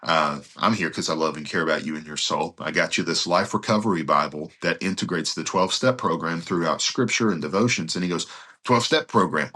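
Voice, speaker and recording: Here a pastor on a podcast recounts anecdotes with animation, voicing the dialogue of each person he describes. His voice is deep and his delivery fairly quick, fitting the storytelling of an interview.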